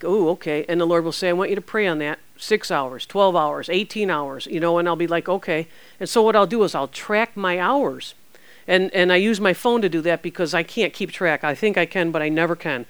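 A woman preacher giving an informal, animated teaching and answering questions, with playful sound effects. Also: lowish voice, clean tone, dry recording.

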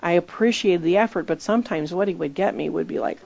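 A preacher with a somewhat low, creaky, darkish voice delivers a conversational sermon at a quick pace. She tells stories with emphasis and slips into the voices of the people she quotes, and the recording sounds dull and lo-fi.

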